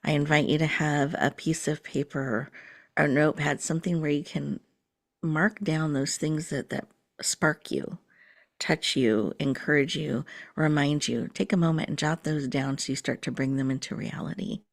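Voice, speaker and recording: A woman host leading a slow, soothing guided breathing meditation, sometimes dropping to a whisper. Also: sits low, fairly even intonation.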